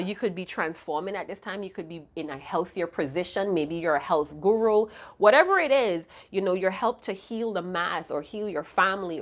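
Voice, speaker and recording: A woman giving a casual tarot reading to her viewers, chatty and profane with lots of slang, her voice a little hoarse. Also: medium pitch. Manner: chatty, slangy and profane, hums song snippets. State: slightly hoarse, losing her voice. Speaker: tarot card reader.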